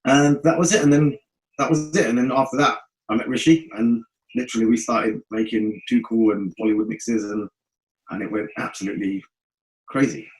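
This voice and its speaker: A man with a London accent, a guest telling stories in a casual interview, animated and rambling, acting out the people he quotes. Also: medium pitch, low-quality recording. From North West London. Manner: animated, acts out quoted voices, fast rambling. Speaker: guest musician.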